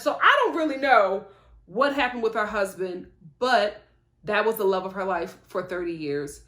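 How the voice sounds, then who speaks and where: A woman giving a casual, animated vlog review of a reality show, sympathetic and chatty. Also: mid-range voice, normal speed, roomy sound.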